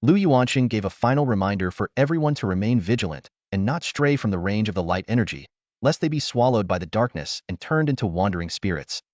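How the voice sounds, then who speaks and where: Man, audiobook narration, low voice, lively inflection, dull dry sound. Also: fairly quick, no room sound. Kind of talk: scripted narration.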